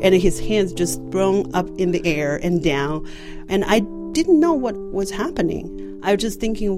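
A woman from China, telling a personal story in halting English with some nonstandard grammar. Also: lowish voice, lively intonation, over music. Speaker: interviewee.

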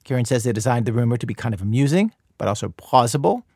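A man hosting a radio documentary show, delivering scripted narration in a measured, dry, conversational way. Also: mid-range voice, expressive, dark tone, husky, no room sound.

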